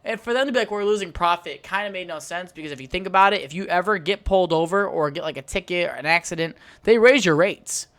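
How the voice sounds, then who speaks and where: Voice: medium pitch, fast talker, few pauses, a bit bright, no echo. Profane, heated solo podcast rant. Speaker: podcast host.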